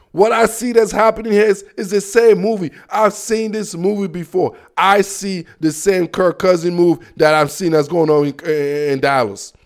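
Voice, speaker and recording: A man talking sports in a casual monologue, animated and slangy, repeating himself as he pushes his opinions hard. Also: high-pitched, gravelly. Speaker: sports commentator.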